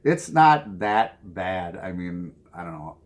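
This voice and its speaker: A man's voice: deep voice, very animated, slow pace. A man from Minnesota with a Minnesota accent, talking casually to camera from his home music room, rambling and chuckling at his own asides. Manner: rambling, chuckles often, self-mocking asides. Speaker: vinyl collecting vlogger.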